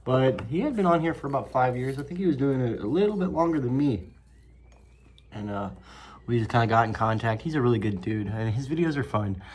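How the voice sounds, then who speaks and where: A man's voice: medium pitch, animated, a little fast, darkish tone, slight background noise. A man hosting his own review vlog, talking loosely to the camera, swearing freely, rambling and laughing often. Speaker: snuff reviewer, channel host.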